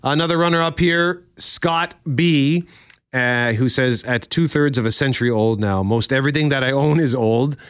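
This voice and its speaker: A man's voice: medium pitch, moderate pace, fairly bright tone, smooth, dry recording, clean studio sound. A man co-hosting a morning radio show, chatting casually and reading listener letters aloud with asides. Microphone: studio microphone.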